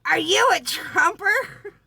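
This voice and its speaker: A woman's voice: very high voice, lively intonation, takes it slowly, gravelly, sharp tone, dry recording, studio quality, pitched above the performer's own voice, heavily acted. A woman putting on a tiny furious old lady. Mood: accusing. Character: tiny furious elderly woman, shrill and accusing.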